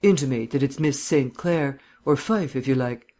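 A man voicing a suave, bantering gentleman sleuth with bland, mannered phrasing in an audiobook reading. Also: medium pitch, moderate pace, natural voice. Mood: earnest.

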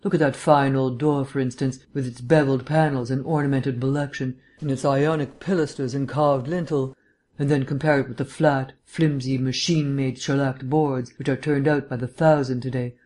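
An audiobook reader voicing an urbane, erudite gentleman detective who lectures in a polished, lightly teasing way. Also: medium pitch, fairly even intonation, normal speed, close to an everyday voice. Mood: lecturing. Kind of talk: audiobook reading.

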